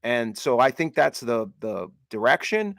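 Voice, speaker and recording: Man, co-host, gravelly voice, measured talk, dry sound. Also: medium pitch, big pitch swings, a bit bright, dry recording. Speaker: podcast co-host. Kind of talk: casual sports chat.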